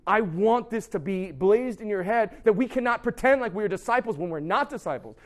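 A young man preaches to a youth group in a loose, conversational way, often slipping into playful impressions of his students' excuses. His voice sits high and lively. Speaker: youth pastor. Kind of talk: youth sermon.

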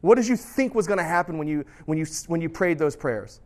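A man's voice: on the high side, animated, a little fast. Chatty storytelling man preaching. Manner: conversational storytelling, often asks "right?". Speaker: pastor. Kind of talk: sermon.

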